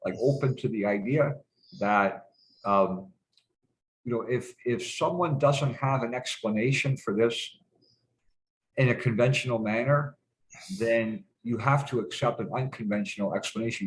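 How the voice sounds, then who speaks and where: A man's voice: fairly low pitch, low-quality recording. Rambling, hesitant man. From Canada. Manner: rambling and hesitant, heavy fillers and restarts, salty swearing. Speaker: guest. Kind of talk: casual reminiscing conversation.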